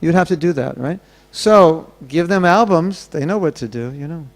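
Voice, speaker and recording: A man's voice: fairly high pitch, expressive, normal speed. A man giving a sermon at a temple gathering, telling stories and acting out the voices of the people in them. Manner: storytelling, acting out quoted voices. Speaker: temple speaker.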